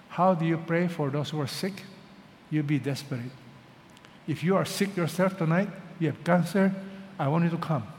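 A man preaching a sermon as pastor, swinging from urgent, loud peaks to hushed lows and asking his listeners questions. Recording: reverberant hall with faint background noise.

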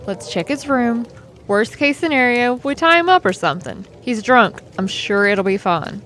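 Breezy scheming young woman, narrator's voice, slightly high. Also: animated, normal speed, fairly bright tone, soft background music.

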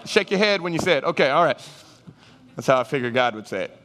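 A man preaching a sermon, animated, acting out Bible figures and his listeners in raised voices. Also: fairly high pitch, quick pace, long pauses, a little hiss or hum. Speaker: pastor. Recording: reverberant hall sound.

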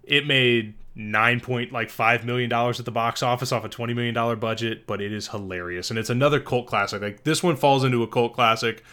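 Bright-voiced man rambling about movies. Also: mid-range voice, steady tone, fairly quick, hardly any pauses. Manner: rambling, self-correcting recommendations. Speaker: podcast co-host. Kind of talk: casual podcast chat.

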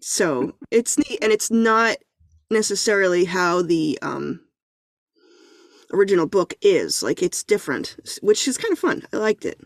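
A woman's voice: fairly low pitch, lively intonation, measured pace, dry recording. Chatty woman in her thirties, dry sound. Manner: chatty, self-deprecating, many restarts. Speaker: podcast guest. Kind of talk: casual chat.

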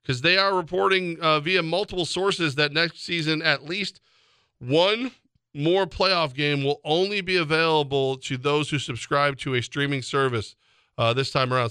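A man's voice: a little high, pushed and bright, clear, resonant tone, dry recording, clean studio sound. A man hosting a sports talk radio show, joking and chatting casually with a co-host. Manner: joking, quick, laughs often.

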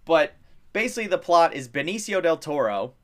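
A young man chatting casually as a podcast co-host, rambling with lots of fillers, getting excited and swearing freely. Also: on the high side, fairly quick. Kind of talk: casual chat.

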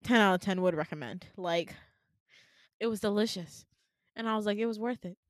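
A woman's voice: mid-range voice, a little fast, no room sound, studio quality. A woman co-hosting a podcast, telling a dream in casual chat, acting out the lines of people in it with swearing and laughter. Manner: animated, acts out quotes with swearing and laughs.

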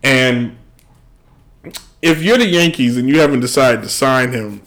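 A young man hosting a sports podcast, ranting in a casual, slangy, animated way. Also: medium pitch, measured pace.

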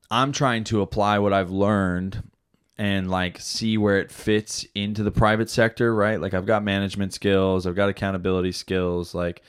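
A man's voice: lowish voice, smooth. A man hosting a podcast, chatting casually and rambling with lots of swearing and filler. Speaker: podcast host. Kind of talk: casual chat.

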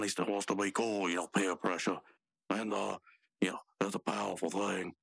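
A man's voice: lowish voice, steady tone, brisk, vocal fry, fairly bright tone, no echo. A man co-hosting a podcast, retelling a cartoon episode in loose, rambling storytelling full of asides. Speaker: podcast co-host. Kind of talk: casual chat recapping a cartoon.

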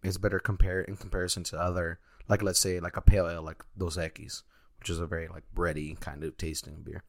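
Deep-voiced easygoing young man. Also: flat delivery, fast, dry recording, studio quality. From Texas. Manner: easygoing, joking, rambling. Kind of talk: casual chat.

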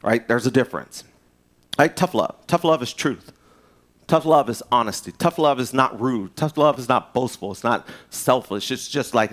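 A man preaching a sermon in a loose, conversational way, with restarts and asides, swinging from loud emphasis to hushed, and in his speech. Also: mid-range voice, moderate pace. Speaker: pastor.

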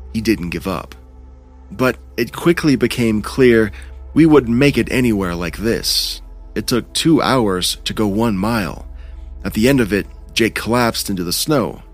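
A man narrating a first-person horror story in a measured, tense way. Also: on the low side.

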